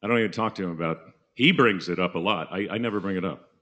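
A man's voice: low voice, fast talker, dull audio. A man preaching through a personal story in a casual, joking way, slipping into voices. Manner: casual, jokey, animated, does voices. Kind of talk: sermon storytelling.

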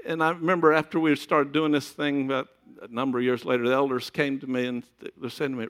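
A man's voice: medium pitch, little pitch movement, fast, fairly bright tone. A middle-aged man preaching a sermon in a conversational way, with joking asides to the congregation. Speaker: pastor.

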